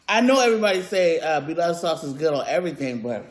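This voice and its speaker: A woman's voice: sits low, big pitch swings, fast, hardly any pauses. A woman hosting a casual eating vlog at home. She gushes over the food with lots of fillers and mm sounds. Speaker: mukbang vlogger. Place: at home, indoors. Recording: echoey room.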